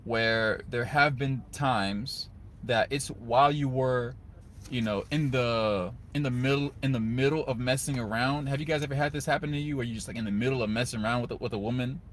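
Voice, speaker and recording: A young man, giving casual, earnest advice to other men, often turning to the listener with a quick "right?". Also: medium pitch, slight background noise. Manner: earnest, conversational, repeats "guys" and "right?". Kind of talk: casual motivational talk to camera.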